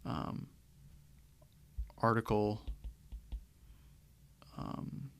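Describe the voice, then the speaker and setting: Low, gravelly male teacher. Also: very slow, no echo. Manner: relaxed, thinking aloud with fillers and restarts. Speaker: Greek teacher. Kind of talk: lecture.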